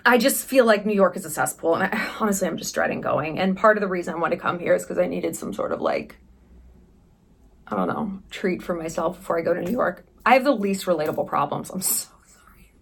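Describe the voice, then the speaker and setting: A woman in her thirties from the United States, chatting candidly in a travel vlog, sarcastic and quick with profane asides. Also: lowish voice, very animated, gravelly, husky. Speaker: vlogger. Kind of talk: casual travel vlog chat.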